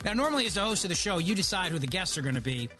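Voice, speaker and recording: Philly-accented male radio host, opinionated, high and bright. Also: racing, faint music behind. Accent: Philadelphia. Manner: animated, opinionated. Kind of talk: talk radio monologue.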